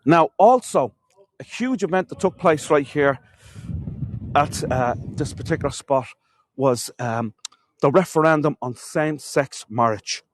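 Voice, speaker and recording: A man's voice: fairly high pitch, lively intonation, measured pace, no room sound. Chatty Irish tour guide man. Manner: chatty storyteller, addresses viewers as folks. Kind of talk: live walking-tour stream. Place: castle courtyard outdoors.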